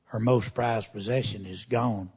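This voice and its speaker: Folksy preacher with a twang. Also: male voice, on the low side, fairly even intonation, measured pace, a little mellow, slightly rough. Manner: reads scripture then comments in a folksy, conversational way; asks the congregation pointed questions. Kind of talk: sermon.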